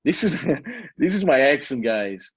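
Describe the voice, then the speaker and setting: A man's voice: on the high side, big pitch swings, unhurried, slightly rough, dry recording. A middle-aged man with a foreign accent, English not his first language, giving an emphatic motivational coaching talk that repeats points and swears casually. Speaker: online marketing coach. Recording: dull lo-fi audio.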